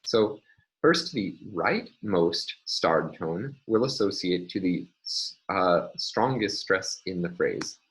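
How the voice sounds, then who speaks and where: A man with a very deep voice delivers a recorded university lecture. He explains each point step by step in a measured way, often pausing with fillers. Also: lively intonation, a bit bright, poor audio.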